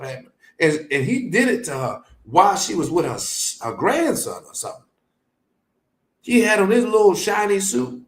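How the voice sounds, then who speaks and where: High lively guy reacting to a clip, yelling lord, echoey room. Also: moderate pace. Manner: animated, exclaiming. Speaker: online commentator. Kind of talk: reaction video commentary.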